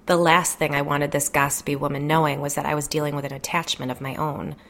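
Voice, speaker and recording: A woman with a somewhat low voice narrates a first-person story. She keeps her narration quiet and understated, reading in measured storyteller fashion. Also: flat delivery.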